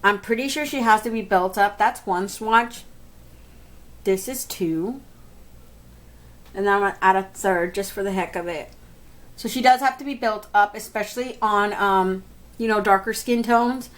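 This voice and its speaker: A woman's voice: mid-range voice, unhurried, pauses often. A woman giving a casual makeup review to camera, chatty, often calling to her viewers and laughing at herself. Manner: chatty, keeps talking to viewers as "you guys". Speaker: beauty vlogger.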